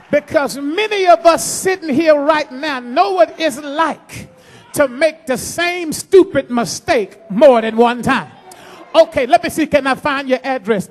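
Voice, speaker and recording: High-voiced preacher telling a story. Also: male voice. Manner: animated preaching with bursts of shouting; calls on the congregation. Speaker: pastor. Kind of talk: storytelling sermon.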